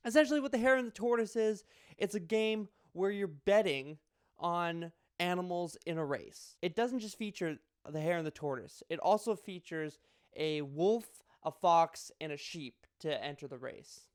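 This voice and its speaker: Young male board game reviewer, chatty and rambling, smooth voice. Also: high-pitched, normal speed, no echo, studio quality. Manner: chatty, rambling with restarts and jokes. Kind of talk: casual video review.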